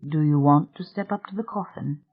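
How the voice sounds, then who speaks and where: A narrator voicing a solicitous white-haired Englishman with a clipped yet melodious English accent, speaking low and secretive. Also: measured pace. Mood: soothing. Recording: tinny phone-like sound.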